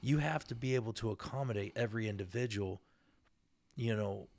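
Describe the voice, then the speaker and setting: A man's voice: on the low side, fairly quick, a little mellow, dry recording. A man hosting a podcast interview, asking direct questions and offering his own views. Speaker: podcast host. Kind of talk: casual interview.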